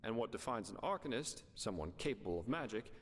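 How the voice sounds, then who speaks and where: Wry game mercenary, dry and frank, lively pitch, long reverb. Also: male voice, fairly quick, husky. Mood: explaining. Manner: dry, wry, matter-of-fact.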